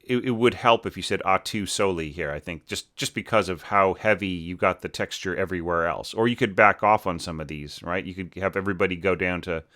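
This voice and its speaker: A man's voice: low-pitched, fairly quick, hardly any pauses, sharp tone. A man teaching orchestration, talking through a student's score in a loose, unscripted way, full of "you know" and "right?" and restarting his sentences as he thinks aloud. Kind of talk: casual spoken score review.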